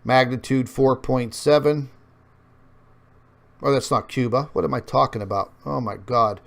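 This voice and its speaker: A man's voice: mid-range voice, unhurried, vocal fry. Guy rambling through his online show, talks over maps, tons of uhs, keeps saying folks. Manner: rambling, many fillers, addresses viewers as folks. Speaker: online news show host. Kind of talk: casual commentary over on-screen maps.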